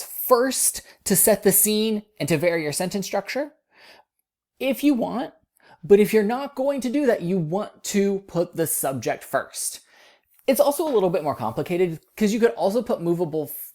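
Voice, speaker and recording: Low-voiced woman explaining writing rules. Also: warm tone. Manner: casual, explanatory, self-correcting. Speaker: writing instructor. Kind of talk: recorded lecture over slides.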